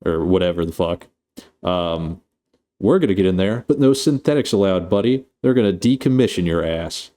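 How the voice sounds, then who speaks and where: Man voicing a brash young crewmate, mocking and foul-mouthed, deep and mellow. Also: lively intonation, moderate pace. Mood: taunting. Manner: mocking, profane. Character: cocky young male crewmate, taunting then sheepish.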